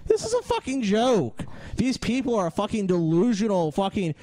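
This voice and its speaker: A man rants with biting sarcasm and constant swearing, his voice sitting high and leaping all over its range. The sound is dry and close. He comments on a clip as a podcast co-host. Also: wildly swooping pitch, normal speed, dark tone, no room sound, low-quality recording. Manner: ranting, profane, sarcastic. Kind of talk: heated casual commentary.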